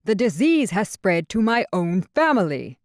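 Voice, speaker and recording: A woman reads a desperate older king in a fantasy audiobook, his voice low and pleading. He raises it in anguish, and the recording is close and dry. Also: normal speed, darkish tone, no echo, close to an everyday voice.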